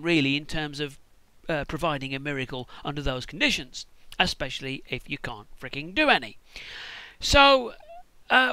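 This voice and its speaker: A man's voice: high-pitched, bright, forceful tone, no echo. Sarcastic, sweary man. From United Kingdom. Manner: sarcastic, swears often, acts out scenes. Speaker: vlogger. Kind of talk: irreverent comic monologue.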